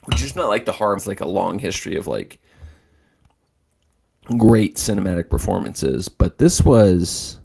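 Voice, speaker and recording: A man's voice: low-pitched, expressive, moderate pace, creaky, pauses often, mellow, slightly rough. A man hosting a casual livestream chat, talking in a rambling, filler-heavy way. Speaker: host.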